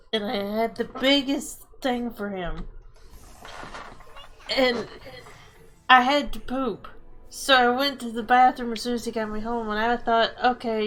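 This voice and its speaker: A woman's voice: fairly high pitch, rough recording. A woman streamer in casual chat, telling embarrassing stories with lots of laughter. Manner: laughing storyteller, animated. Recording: faint music behind.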